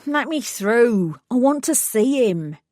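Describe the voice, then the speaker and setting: A woman's voice: a little high, sing-song, takes it slowly, a little mellow, dry recording, studio quality, voice pushed up. A woman voicing a whining man who pleads and insists on getting his way.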